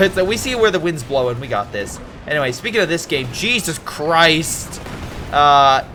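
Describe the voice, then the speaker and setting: A man's voice: medium pitch, pushed and bright, a little hiss or hum. A man casually commentating a strategy game replay, rambling into history tangents with many fillers and restarts.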